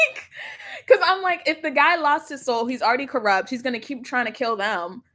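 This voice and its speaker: A young woman streams a casual chat from her laptop as a livestream reaction host, rambling, laughing often and swearing casually. Her voice is high and a bit bright, with a brisk delivery.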